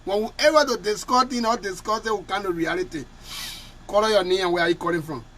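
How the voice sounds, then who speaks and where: A man's voice: high-pitched, fast talker. A man hosting a live call-in show, impassioned and close to tears, often repeating himself. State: tearful. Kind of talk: emotional live call-in talk.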